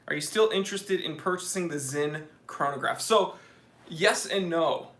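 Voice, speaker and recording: Chatty, bright-voiced man hosting a live stream. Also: a little high, normal speed. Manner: chatty, joking, reads viewer comments aloud. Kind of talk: casual live stream Q&A reading chat. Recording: echoey room.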